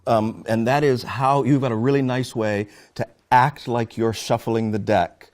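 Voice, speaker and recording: A man's voice: mid-range voice, steady tone, unhurried, darkish tone. Hesitant man interviewing a magician. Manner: hesitant, many fillers and restarts. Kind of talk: casual conversation.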